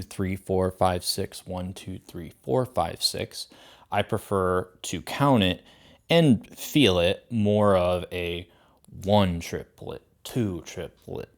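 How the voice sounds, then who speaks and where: A man teaching a drum lesson in a casual, chatty way, counting beats aloud and voicing drum sounds. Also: deep voice. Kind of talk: casual instructional explanation.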